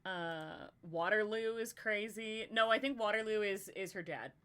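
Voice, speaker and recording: A woman in relaxed, giggly conversation, thinking out loud and circling her ideas with plenty of filler words. Her voice sits at an ordinary middle pitch for a woman. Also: a little slow, clean tone. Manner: giggly, rambling, heavy "like" filler. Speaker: podcast co-host. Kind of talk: casual brainstorming chat.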